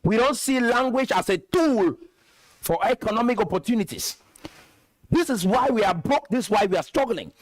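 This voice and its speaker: A man's voice: high voice, lively intonation, moderate pace, dry recording. A man from Cameroon hosting a commentary video, lecturing emphatically and repeating his points. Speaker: host.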